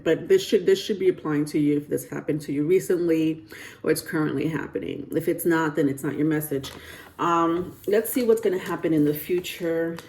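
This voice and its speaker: A woman's voice: sits low, a little mellow. A woman giving a casual tarot reading to camera, chatty and rambling with lots of fillers and restarts, often breaking into giggles. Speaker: tarot reader.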